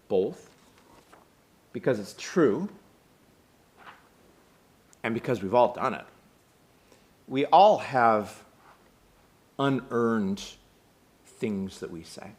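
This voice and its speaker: American man giving a relaxed sermon. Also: fairly low pitch. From United States. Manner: conversational, hesitant fillers, retelling a film. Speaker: synagogue speaker.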